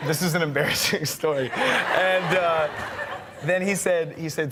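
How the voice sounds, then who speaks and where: A man telling a personal story as a talk show guest, excited and laughing often, tripping over his words. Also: on the high side, unhurried, very noisy. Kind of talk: casual anecdote.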